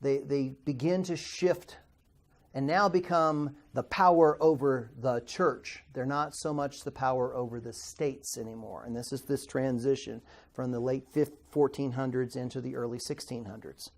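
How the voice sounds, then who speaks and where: A middle-aged Bible institute teacher gives a classroom history lecture in a conversational style, putting questions to the class and stumbling over hard words. His mid-range voice has fairly even intonation and a moderate pace.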